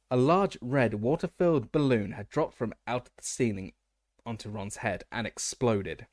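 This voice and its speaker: A man's voice: mid-range voice, moderate pace, a little mellow, no echo, clean studio sound. A man reading a fantasy novel aloud as an audiobook narrator, often stumbling and restarting words.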